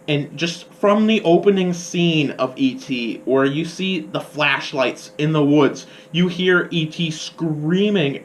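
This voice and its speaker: A man's voice: on the high side, a little hiss or hum, low-quality recording. A young man hosting a college radio show, giving a casual, enthusiastic and rambling film review. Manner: enthusiastic, rambling, fond of quoting scenes.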